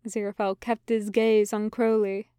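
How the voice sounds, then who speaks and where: A woman narrating a story aloud in a measured, expressive reading. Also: mid-range voice, clean tone, dry recording. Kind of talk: reading fan fiction aloud.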